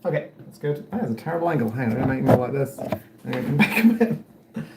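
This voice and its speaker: An English man talks loosely to his livestream audience in a rambling, self-mocking way, reacting to viewer comments as he goes. His voice sits at a middle pitch and rings around a roomy, echoey home studio. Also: sing-song, quick pace, vocal fry, darkish tone. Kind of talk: casual livestream chat.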